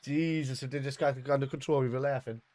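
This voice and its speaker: A man co-hosting a football watch-along, calling out excited reactions to the play and swearing freely. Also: mid-range voice, fast. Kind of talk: live match watch-along chat.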